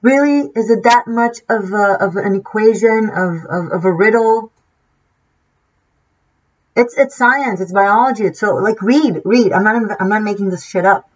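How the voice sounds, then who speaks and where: A woman's voice: medium pitch, measured pace, breathy edge. A woman tarot reader giving an impassioned, preachy monologue, swearing freely and restarting her sentences often. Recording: dull lo-fi sound.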